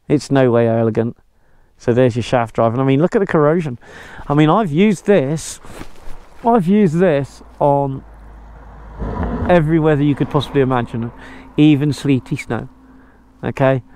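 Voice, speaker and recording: A man's voice: medium pitch, clean tone. A man, a sweary, chatty storyteller vlogging casually while riding his motorbike outdoors. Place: outdoors on a motorbike on country roads. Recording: loud wind and engine noise. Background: loud engine and wind noise.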